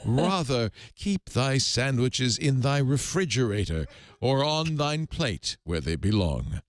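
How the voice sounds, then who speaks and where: A man reading the Lord's words in a slow, solemn, grand biblical voice. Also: mid-range voice, big pitch swings. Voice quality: slow, grand, sermon-like delivery. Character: the Lord, a solemn booming biblical God.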